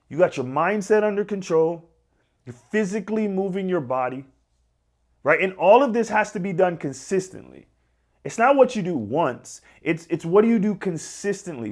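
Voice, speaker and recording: A man talking as a fitness coach, giving an emphatic, repetitive motivational talk to camera. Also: high-pitched.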